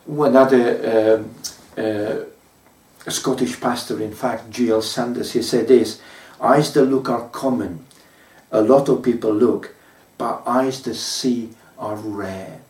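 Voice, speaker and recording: A man preaching a sermon as pastor, telling stories in a measured way with frequent pauses and fillers. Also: mid-range voice, fairly even intonation, darkish tone, echoey room, distant mic.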